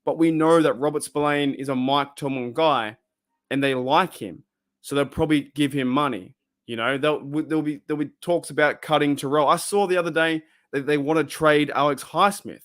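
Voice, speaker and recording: A man's voice: fairly high pitch, normal speed, fairly bright tone. An Australian man hosting a casual live stream, talking bluntly and heatedly and swearing freely.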